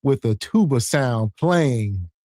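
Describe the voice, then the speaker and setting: A man's voice: mid-range voice, animated, slow, mellow, no room sound. A man hosting a podcast in a casual, laid-back way, sounding exasperated as he reacts to clips. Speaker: podcast host. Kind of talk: casual commentary.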